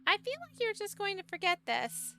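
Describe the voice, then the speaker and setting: A woman's voice: very high voice, very animated, normal speed, gravelly, bright, forceful tone, slight background noise, voice pushed up, exaggerated voice. A woman voicing a small, chirpy female companion sprite who teases and talks cheekily. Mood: cheeky. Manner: cheeky, teasing.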